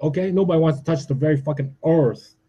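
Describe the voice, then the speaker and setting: Heard on a lo-fi recording, a man in his forties from Canada rattles off an agitated, profane rant at a quick pace. His slightly high voice has a breathy edge, and he punctuates his points with "all right?"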